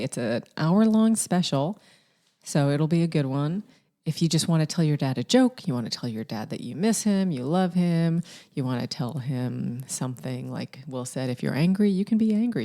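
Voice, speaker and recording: Low-voiced woman, playful podcast co-host. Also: lively intonation, moderate pace, dark tone. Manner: playful, teasing, laughs often. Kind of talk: casual chat.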